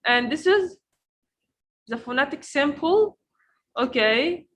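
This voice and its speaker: A woman with a high, bright voice teaches pronunciation in an online lesson. She speaks slowly. She says each word again and again so learners can copy it. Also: lively intonation, low-quality recording. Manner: slow, repeats words to drill them.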